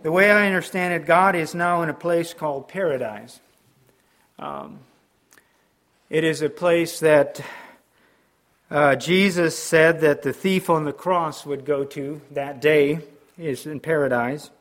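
A middle-aged man preaching a sermon, pausing often with ums and restarts as he explains scripture. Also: fairly high pitch, a bit bright. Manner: halting, with frequent ums and restarts. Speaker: pastor.

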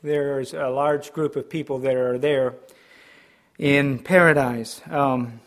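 A middle-aged man preaching a sermon, pausing often with ums and restarts as he explains scripture. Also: mid-range voice, fairly even intonation. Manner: halting, with frequent ums and restarts. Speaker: pastor.

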